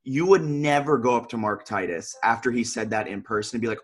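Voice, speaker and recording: Husky man chatting on a podcast. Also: medium pitch, lively intonation, fast, hardly any pauses, a bit bright. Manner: talkative, earnest, many "like" fillers. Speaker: podcast co-host. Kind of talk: casual chat.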